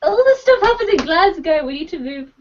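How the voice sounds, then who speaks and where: A woman co-hosting a podcast with teasing, lively banter and a high voice. The audio is muffled and lo-fi. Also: fairly quick, a little hiss or hum. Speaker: podcast co-host. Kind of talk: casual chat.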